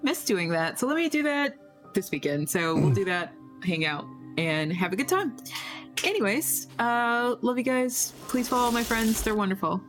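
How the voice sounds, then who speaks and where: A woman's voice: a little high, big pitch swings, moderate pace, soft background music. A woman who plays in a role-play stream, giving a playful, casual sign-off. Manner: playful, giggly.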